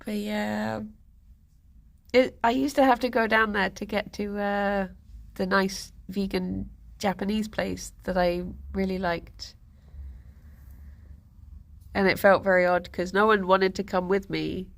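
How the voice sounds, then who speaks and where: A woman's voice: medium pitch, flat delivery, unhurried, vocal fry, pauses often. Young woman, casual streamer chat, rambling, giggly. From England.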